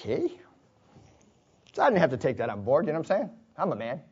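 Brief: male preacher, high voice, storytelling sermon with chuckles and asides, dull lo-fi sound. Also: wildly swooping pitch, fast, a little mellow, breathy edge. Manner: chuckles often, conversational asides. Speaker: pastor. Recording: dull lo-fi recording.

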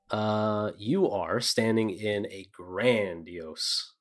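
A male game master with a low voice, narrating a tabletop role-playing session in a descriptive, loose way with plenty of fillers. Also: drawn-out words.

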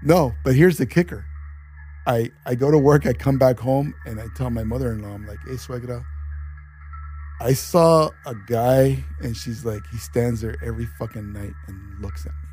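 A man swaps scary stories on a casual podcast, cursing freely as he builds the tension. His voice is mellow and darker in tone, and a faint music bed runs beneath him. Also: mid-range voice, moderate pace. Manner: swears a lot, animated storyteller. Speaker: podcast co-host. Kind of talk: casual storytelling chat.

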